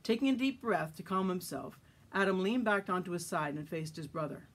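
A woman's voice: on the low side, lively intonation, fairly quick. Woman reading her own story aloud.

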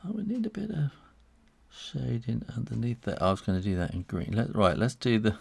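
A man's voice: mid-range voice, huge pitch swings, fairly quick, vocal fry, breathy edge. A middle-aged man, an illustrator, chatting cheerfully through a live drawing demo and reading out viewer comments, laughing often.

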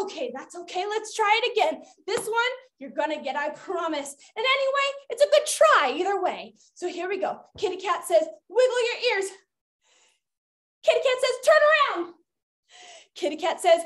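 A woman's voice: very high-pitched, very animated, moderate pace, a bit bright, exaggerated voice. A woman voicing a playful, cheery female cat who hosts a children's game, bouncy and sing-song with delighted gasps. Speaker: children's entertainer. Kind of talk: kids' game and storytime performance.

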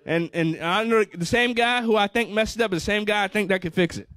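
Fervent high-voiced pastor preaching. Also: male voice, a little fast, a bit bright, dry recording. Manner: fervent, repeats phrases, call-and-response. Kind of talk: sermon.

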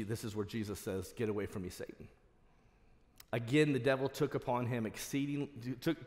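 A man's voice: medium pitch, a little mellow. Man preaching in a reverberant church. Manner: passionate, builds to emphatic exhortation. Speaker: pastor. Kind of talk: sermon. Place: church sanctuary. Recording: long reverb of a church hall.

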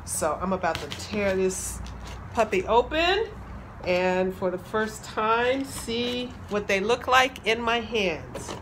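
A woman, excitedly chatting to her viewers, laughing and calling them y'all. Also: mid-range voice, slow pace. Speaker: playwright unboxing a project deck. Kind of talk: casual vlog talk. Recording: background noise.

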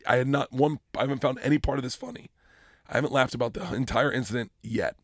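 A man in his forties, a comedian guest on a podcast, telling a story with acted-out dialogue, loud bursts of laughter and plenty of swearing. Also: mid-range voice, fast, no room sound, studio quality. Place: podcast studio.

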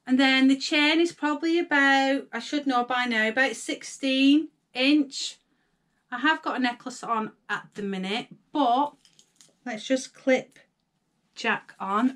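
A young woman with a Northern English accent, chatting excitedly to viewers as she unboxes jewellery. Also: high-pitched, slow. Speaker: vlogger. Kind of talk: casual unboxing chat.

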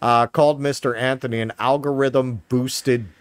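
A man's voice: mid-range voice, expressive, moderate pace, fairly bright tone. A man with a New York accent co-hosting a political commentary show, sarcastic and profane, reading news aloud with mocking asides. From Queens, New York. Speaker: podcast co-host.

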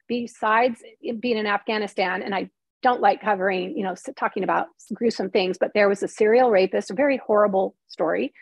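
A woman's voice: mid-range voice, breathy edge, no echo. A middle-aged woman, a former TV reporter, telling a personal story in an interview, candid and emotional, acting out what others said to her. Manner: candid and emotional, acts out quoted lines.

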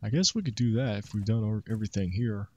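A man's voice: lowish voice, fast talker, no echo. A man chatting casually while playing a survival game with friends, joking around. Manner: joking, easygoing banter. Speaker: gamer. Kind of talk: casual gaming chat.

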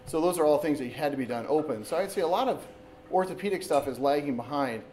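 A man in his thirties from Wisconsin, an orthopedic surgeon giving a relaxed public talk to an audience, speaking conversationally with lots of restarts. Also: on the high side, fast talker, a little hiss or hum, poor audio. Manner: conversational, with frequent restarts and "so basically". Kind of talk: informal public lecture. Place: meeting room with an audience. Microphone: camera recording in the room.

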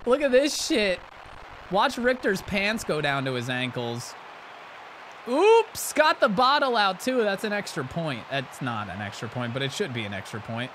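A man's voice: on the high side, normal speed, few pauses. Young guy hyped up playing a hockey game, voice jumping all over, noisy recording. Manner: loud excited outbursts, trash talk. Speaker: gaming channel host. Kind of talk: excited gameplay commentary.

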